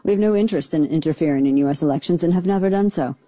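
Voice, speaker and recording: Woman commentator, low voice, mellow tone, indignant, exasperated, rambling. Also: racing, no echo. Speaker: political commentary host. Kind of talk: opinionated commentary monologue.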